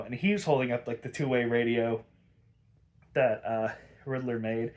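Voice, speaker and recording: A man's voice: medium pitch, fairly even intonation, measured pace, a little mellow. A man hosting a casual solo episode review, ranting in exasperation and swearing freely, with plenty of fillers and restarts. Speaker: podcast host reviewing episodes.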